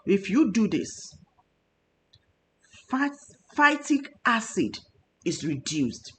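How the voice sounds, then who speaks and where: A woman's voice: mid-range voice, very animated, takes it slowly. A Nigerian woman, a nutritionist hosting a health talk show, speaking with emotional emphasis. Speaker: nutritionist host.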